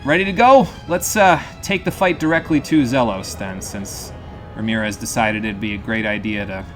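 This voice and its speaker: A man's voice: fairly low pitch, moderate pace. A man streaming a game live, giving loose, joking commentary with frequent laughs and casual swearing. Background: faint game music.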